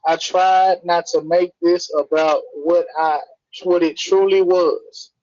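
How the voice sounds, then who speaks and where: A man's voice: high-pitched, fairly even intonation, slow, darkish tone, dry recording. A man reading spoken word poetry on a livestream, blunt and rhythmic. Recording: dry, dull lo-fi stream audio.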